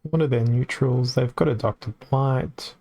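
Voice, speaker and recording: A man's voice: mid-range voice, normal speed, creaky, darkish tone. A man with an Australian accent giving casual live-stream commentary on a card game, chatty and reacting aloud as it plays out.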